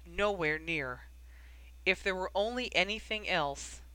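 Harried official in a storybook reading, brisk grumbling delivery, bright crisp voice, as a reader acts him out. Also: medium pitch, dry recording, low-quality recording. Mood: weary, wry. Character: weary, harried middle-aged wizard official.

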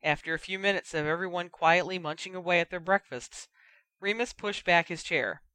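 An audiobook reader narrating a fan fiction story in a steady, even storytelling manner. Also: medium pitch, moderate pace, dry recording.

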